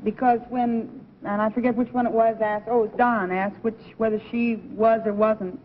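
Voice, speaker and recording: A woman's voice: fairly high pitch, level tone, moderate pace, phone-quality sound, a little hiss or hum. A woman on a 1950s TV game panel, chatty and self-doubting as she explains her vote. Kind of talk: TV panel chat. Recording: 1950s TV broadcast, reverberant, loud studio audience.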